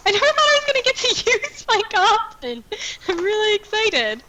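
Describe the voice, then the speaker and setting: Excitable high-voiced woman player. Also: normal speed, heavy background noise. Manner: excitable, giggly. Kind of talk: casual chat at a game table.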